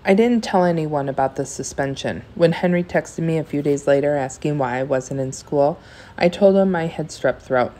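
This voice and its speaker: Woman reading a novel aloud, low voice. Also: moderate pace, mellow. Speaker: reader.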